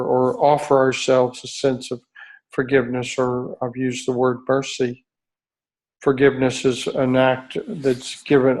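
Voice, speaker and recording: A middle-aged man talks to a retreat group in a slow, earnest and reflective way. His pitch stays level and even, and he often stops to restart a sentence as he searches for the right phrase. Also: rough recording. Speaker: retreat leader. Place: outdoor retreat by a beach.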